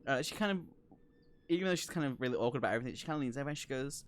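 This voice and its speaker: Lively, giggly tabletop game master. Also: medium pitch, racing. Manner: giggly, playful narration.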